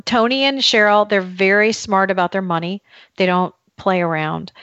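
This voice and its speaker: Enthusiastic woman host, gravelly voice, dry sound. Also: fairly low pitch, fairly bright tone, dry recording, dull audio. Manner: enthusiastic, leads the discussion. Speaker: podcast host. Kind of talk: casual podcast chat.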